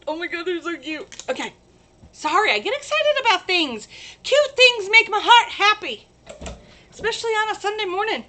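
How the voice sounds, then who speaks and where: A woman hosting a casual crafting livestream, chatty and gushing with excitement. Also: very high-pitched, normal speed.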